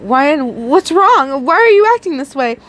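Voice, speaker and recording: A woman's voice: high voice, expressive, normal speed, a bit bright, voice pushed up. A woman voicing a timid, anxious boy who stammers and pleads in a panic. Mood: panicked.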